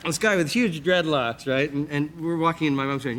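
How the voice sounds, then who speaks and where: A man from Canada, a talk-show guest, telling a comic story with lively acted-out voices. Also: a little fast. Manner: animated, acts out voices with high shrieks. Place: TV studio with live audience. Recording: TV studio audio, crowd and noise. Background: audience laughter.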